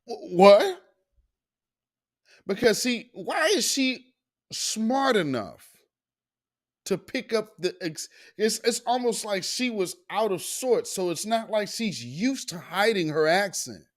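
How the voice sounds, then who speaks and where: Laughing, sing-song commentary host. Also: male voice, high voice, animated, slow. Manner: laughs often, trails off and restarts, riffs on his own asides. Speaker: show host. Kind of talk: casual commentary on news clips.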